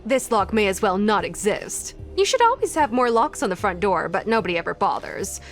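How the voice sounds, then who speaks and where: A woman's voice: medium pitch, sing-song, fairly quick, soft background music. A woman voicing a playful adult woman magician who speaks in a prim, teasing way. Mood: smug.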